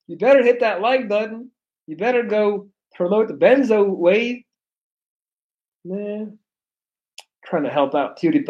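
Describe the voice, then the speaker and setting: A man's voice: sits high, normal speed, muffled recording. A young man with a non-native English accent, reading chat on a casual livestream, blunt, profane and joking. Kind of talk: casual live-stream chat.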